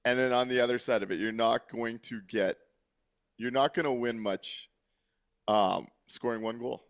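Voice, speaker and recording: A man's voice: medium pitch, fairly even intonation, normal speed, clear, resonant tone. Blunt, exasperated male sports-show host. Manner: blunt and exasperated, swears freely. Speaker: co-host of a call-in hockey post-game show. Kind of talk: casual chat.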